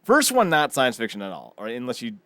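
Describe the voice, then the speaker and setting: A man co-hosting a podcast in casual chat, animated and profane, often laughing as he talks. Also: medium pitch, fairly quick, no echo. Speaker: podcast co-host.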